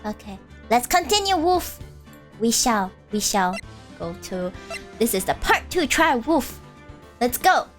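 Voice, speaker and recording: Woman game streamer, playful, teasing, high pitch, lively intonation, faint background music. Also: unhurried, pauses often. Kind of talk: casual live-stream chat.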